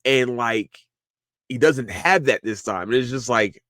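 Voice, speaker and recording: A man in the middle of the male range, recorded dry and close with no room sound. He hosts a casual podcast and rambles with excitement, swearing often and repeating words as he restarts. His talk is loose and eager, as if he is thinking out loud. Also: mid-range voice, unhurried, no echo. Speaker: podcast host. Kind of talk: casual solo anime review.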